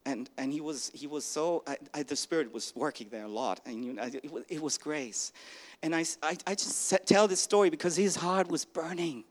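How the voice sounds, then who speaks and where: A man giving a personal testimony to a congregation, speaking haltingly with frequent restarts and acting out the conversations he describes. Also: a little high. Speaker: church member giving a testimony.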